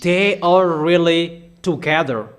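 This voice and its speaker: A man's voice: a little high, slow pace. A man preaching a sermon, insistent and repetitive, asking rhetorical questions.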